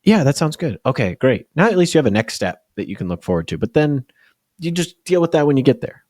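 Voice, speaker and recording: A man's voice: fairly high pitch, sing-song, fast, a little mellow, no room sound. A young man co-hosting a comedy podcast, dry and wry, giving casual advice. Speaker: podcast co-host.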